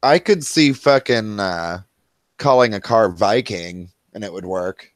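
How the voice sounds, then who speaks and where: A young man co-hosting a podcast, deadpan and contrarian, swearing freely in crude banter. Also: on the low side, a little slow, no room sound, clean studio sound. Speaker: podcast co-host.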